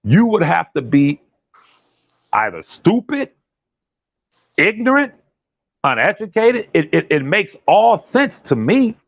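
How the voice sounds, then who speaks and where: A man, a guest on a call-in commentary chat, talking in an animated, repetitive and emphatic way. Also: sits high, takes it slowly, pauses often, no echo. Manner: animated, repetitive and emphatic, drops into imitated quotes. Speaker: guest on a commentary channel, relative of a defendant. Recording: tinny phone line.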